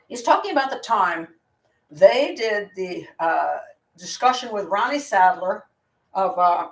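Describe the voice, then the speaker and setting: A woman hosting a live Q&A as a criminal profiler, talking casually in a blunt, opinionated way, rambling and restarting her sentences. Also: medium pitch. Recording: roomy sound from a distant mic.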